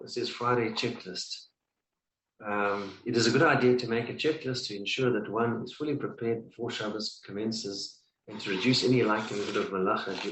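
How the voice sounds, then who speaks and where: Give me a man with a low voice reading a study text aloud haltingly, recorded far off in an echoey room. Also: slight background noise. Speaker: study partner.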